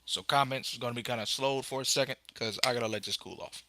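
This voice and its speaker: Bright, rambling young man on a tech podcast. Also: mid-range voice, fast. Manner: rambling, fillers, excitable bursts. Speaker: podcast host. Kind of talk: casual live-stream tech chat. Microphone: phone.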